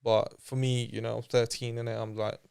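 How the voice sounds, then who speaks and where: Smooth fast-talking man telling a story. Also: mid-range voice, level tone, a little mellow. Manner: chatty, slangy, acts out quoted voices. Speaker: interview guest. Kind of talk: casual storytelling.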